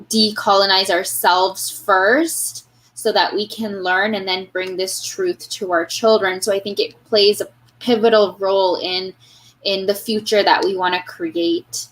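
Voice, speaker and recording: A woman's voice: medium pitch, fairly bright tone, rough recording. A woman teacher with a Canadian accent, speaking earnestly in an interview, thinking aloud with frequent fillers and restarts. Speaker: guest, elementary teacher. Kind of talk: reflective interview talk.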